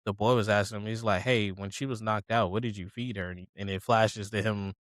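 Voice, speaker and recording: A man's voice: lowish voice, steady tone, fairly quick, no echo. A man casually recapping an anime episode, acting out characters' lines with profane slang. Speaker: podcast co-host.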